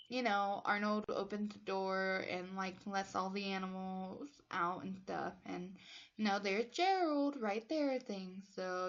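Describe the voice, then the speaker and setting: A woman's voice: mid-range voice, muffled recording. A woman casually retelling a movie plot for her channel, chatty and emotional, with fillers and laughs, a bit stuffy from allergies. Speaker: movie reviewer.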